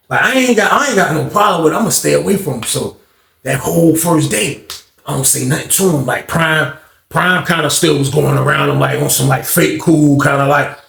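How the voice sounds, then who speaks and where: A man's voice: a little high, gravelly, a bit bright, roomy sound. A man telling a story in a casual, slangy way, acting out the people he quotes. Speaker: storyteller, channel host.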